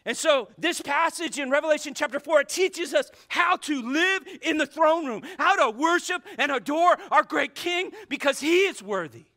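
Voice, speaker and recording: A male pastor preaching a sermon to his church, fervent and shifting between shouts and hushed asides. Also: very high voice, animated, moderate pace, few pauses. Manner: fervent, swings from shouting to near whispers. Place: church sanctuary.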